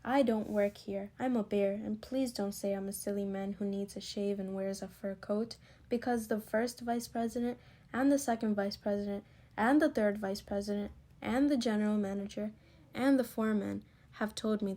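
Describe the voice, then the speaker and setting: A woman's voice: medium pitch, fairly even intonation, normal speed, dark tone, lightly acted. A woman voicing a sleepy, stubborn male bear from a storybook, speaking earnestly.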